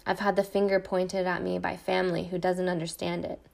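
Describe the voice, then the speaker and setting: Woman, middle-aged, podcast host, gravelly, flat delivery, defiant monologue. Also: lowish voice, fairly quick. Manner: intense, defiant, repeating refrains. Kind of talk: personal monologue, read from a script.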